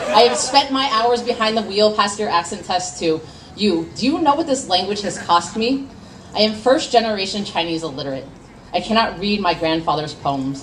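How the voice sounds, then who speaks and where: Recorded at low quality on a distant mic, a young low-voiced poet from the United States performs at a café open mic, faint ambience humming beneath. She alternates between impassioned verse and awkward self-deprecating chatter.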